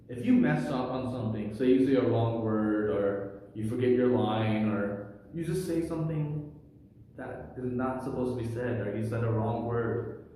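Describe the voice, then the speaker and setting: A man giving an energetic, animated, loud talk to camera with public speaking tips. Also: medium pitch, a little hiss or hum. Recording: echoey room with long reverb.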